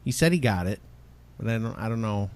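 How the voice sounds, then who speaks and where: A man hosting a podcast in casual chat, animated and rambling, quick to laugh. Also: fairly low pitch. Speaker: podcast host.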